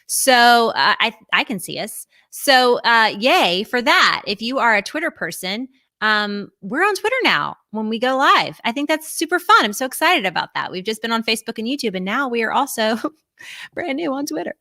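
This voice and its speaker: A woman's voice: a little high, very animated, normal speed, sharp tone, dry recording, clean studio sound. A woman hosting a casual live-streamed chat, bubbly and chatty and laughing often, on a video call. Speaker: host.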